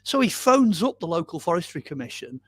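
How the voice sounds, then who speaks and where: A man being interviewed as a guest, telling a long story in a casual, animated way with frequent "um"s and "you know"s. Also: on the high side, a little fast, breathy edge. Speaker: guest storyteller on a paranormal podcast.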